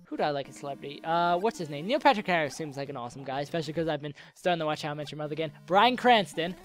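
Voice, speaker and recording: A man's voice: on the high side, animated, very fast, fairly bright tone, soft background music. A young man answering viewer questions in a casual, joking, rambling way while playing a game, coming down with a cold and a sore throat. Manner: rambling, joking, self-interrupting.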